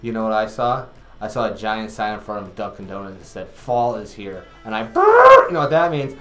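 A man from Connecticut co-hosting a podcast in casual comedic chat, animated and playful, with bursts of loud exclamation. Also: lowish voice, a little fast, reverberant, faint music behind. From Connecticut, USA. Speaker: podcast co-host.

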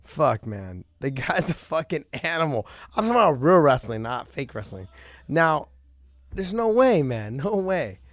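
A man hosting a podcast in casual chat, excitable, swearing freely and breaking into loud outbursts. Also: fairly high pitch, measured pace, no room sound. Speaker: podcast host.

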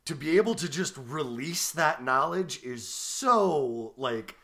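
Lively, bright-toned riffing man. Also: a little high, slow. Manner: riffing, animated, stumbling restarts. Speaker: podcast co-host. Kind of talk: casual comedic chat.

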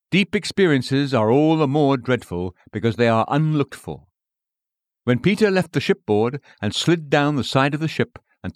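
Man reading a sermon out loud, steady and solemn, mid pitch, no room sound. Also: no room sound, studio quality. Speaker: preacher.

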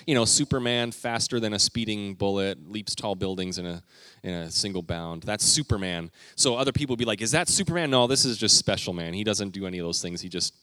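A middle-aged man preaching a sermon, telling family stories with animated delivery and acted-out quotes. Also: on the low side, no echo, studio quality. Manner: storytelling, animated, acting out quotes. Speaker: pastor.

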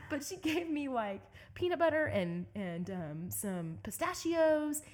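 A young woman from Southeast Texas telling a story as an interview guest, animated and laughing often. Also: sits high, measured pace. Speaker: guest, endurance bike racer.

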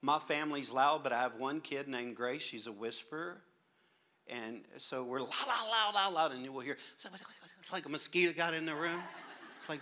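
Bright-voiced animated male preacher. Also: on the high side, moderate pace, slight background noise. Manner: animated, humorous, acts out little scenes. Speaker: pastor. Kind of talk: sermon.

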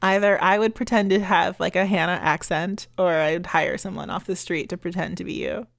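A woman's voice: fairly low pitch, fairly even intonation, normal speed, creaky. A woman co-hosting a podcast, chatting casually with lots of ums and giggles. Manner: chatty, filler-heavy, giggly. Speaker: podcast co-host. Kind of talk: casual chat.

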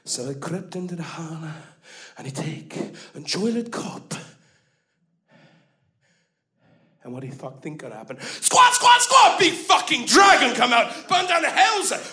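A man as a rowdy high-pitched story beast. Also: very animated, normal speed, pushed and bright, full character voice. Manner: broken English, rowdy, swearing, sound effects. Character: boisterous male story beast retelling an epic. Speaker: comedy performer. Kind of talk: live comic storytelling.

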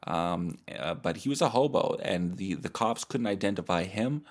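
Podcast guy, kinda low voice, swears a lot, deadpan joking monologue. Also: moderate pace. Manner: crude, profane, deadpan mock-serious. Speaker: podcast host. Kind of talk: rambling comedic monologue.

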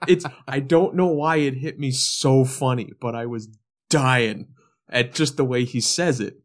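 A man's voice: medium pitch, a little slow. A man co-hosting a podcast, going through his points about a horror film scene he loves. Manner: counts off his points, enthusiastic. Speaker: podcast co-host. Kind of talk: casual film review chat.

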